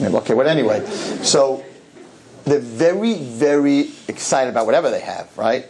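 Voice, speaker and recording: A man talks to a live audience in a hall and tells his story with jokes and rapid-fire asides. He keeps doubling back on his words for emphasis. His pitch is middling, with a faint hiss underneath. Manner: animated, joking, rapid-fire asides and repetitions. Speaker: rabbi giving a public talk.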